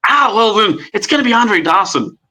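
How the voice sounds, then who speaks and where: A man imitating a confused, rambling elderly baseball announcer with a loud, drawn-out delivery. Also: high-pitched, lively intonation, pitched above the performer's own voice, full character voice.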